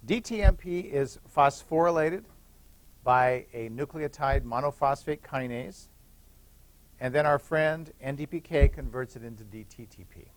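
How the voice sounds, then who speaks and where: A man's voice: medium pitch, measured pace. A middle-aged man giving a classroom lecture, explaining step by step, repeating key points and checking in with "okay?". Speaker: university biochemistry lecturer. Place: lecture hall.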